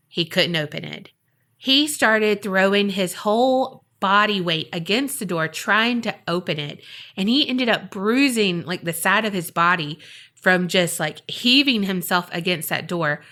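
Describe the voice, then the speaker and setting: A woman podcast host tells a paranormal tale in a relaxed, chatty way. Her voice sits at a middle pitch and she bounces into quick impressions of the people she is describing. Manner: lively, acts out quoted voices. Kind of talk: casual storytelling.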